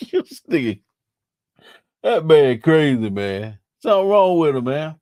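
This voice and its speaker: A man's voice: on the high side, sing-song, slow, a little mellow, no room sound, studio quality. A young man chatting casually on a live stream, laughing and teasing in slangy talk.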